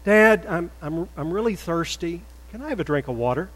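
A man's voice: on the high side, lively intonation, moderate pace, in a large hall, pitched above the performer's own voice. A man voicing a small boy at bedtime who begs for a drink of water in a whiny voice. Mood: pleading. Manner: whiny, begging.

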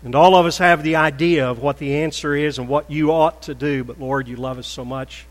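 An older man preaching a sermon in a church, stressing words loudly, then dropping to a soft prayerful tone. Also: on the high side, steady tone, a little fast, big-room sound, rough recording. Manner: emphatic, swings between loud stresses and soft prayer. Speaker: pastor. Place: church sanctuary.

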